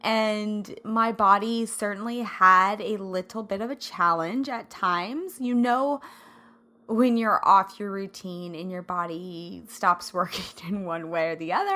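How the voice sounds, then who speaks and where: A woman from the American Midwest hosting her podcast in a casual, bubbly chat, her throat a little scratchy and hoarse as she laughs often. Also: mid-range voice, a little slow, sharp tone. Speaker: podcast host.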